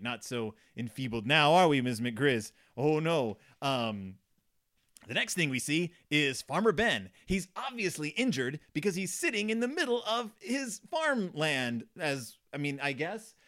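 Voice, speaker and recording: Man, casual book commentary, sardonic, rambling, slightly high voice, lively pitch. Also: measured pace. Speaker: book reviewer.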